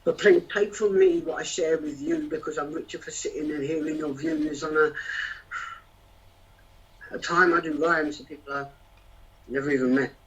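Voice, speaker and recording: A man's voice: a little high, fairly even intonation, normal speed, pauses often. A man performing spoken word poetry in a rhythmic, rhyming, emotional delivery. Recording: distant, dull lo-fi sound.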